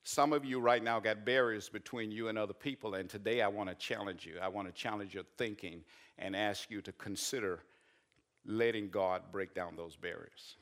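A man, a pastor preaching and telling a personal story, rising to loud emphatic peaks. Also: fairly low pitch, fairly even intonation, normal speed. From Arkansas. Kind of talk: sermon.

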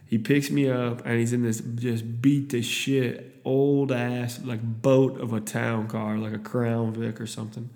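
A man's voice: mid-range voice, level tone, unhurried, few pauses, mellow, long reverb tail. Rambling young man from Iowa. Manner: rambling, profane, many restarts. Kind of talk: casual storytelling.

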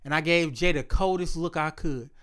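A man telling a personal story in a casual chat, blunt and profane, retelling events with animated, acted-out quotes. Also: a little high, moderate pace, clean tone.

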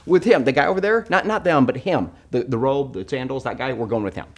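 A man preaching a sermon in church, animated and joking, swinging between loud outbursts and hushed asides. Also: medium pitch, fast. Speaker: pastor.

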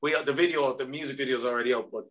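A man with an Irish accent, a singer chatting as a podcast guest and telling stories with quick asides. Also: medium pitch, steady tone, fairly bright tone. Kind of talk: casual chat.

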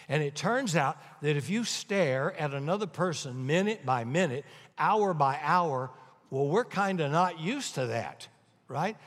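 A man preaching a sermon, emphatic and repeating key lines, swinging between loud stresses and hushed asides. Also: fairly high pitch. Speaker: pastor. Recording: long hall reverb.

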